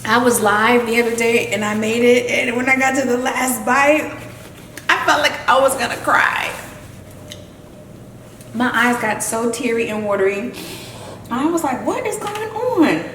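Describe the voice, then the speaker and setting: A woman chatting to camera while she cooks and eats in her home kitchen, savoring the food with long drawn-out hums. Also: on the high side, fairly even intonation, a bit bright, roomy sound, distant mic, slight background noise, low-quality recording. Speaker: lifestyle vlogger. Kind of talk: casual chat to camera while cooking.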